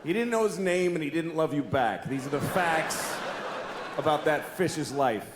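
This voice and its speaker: A man's voice: on the high side, expressive, moderate pace. A middle-aged man doing stand-up comedy in an exasperated, blunt way on a club stage. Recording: roomy club with crowd noise.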